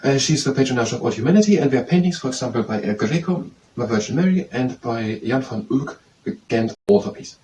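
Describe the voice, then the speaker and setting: A man's voice: mid-range voice, animated, quick pace, few pauses, mellow, muffled recording. A man studying aloud, quizzing himself with repetitive phrases and hesitant restarts. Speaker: student memorizing aloud. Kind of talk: thinking aloud while studying. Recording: distant mic with faint background noise.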